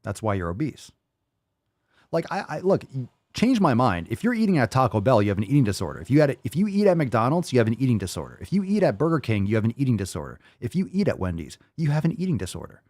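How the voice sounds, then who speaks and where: A podcast host giving blunt, mocking reaction commentary, often profane. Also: male voice, mid-range voice, huge pitch swings, fast talker, a little mellow, no room sound.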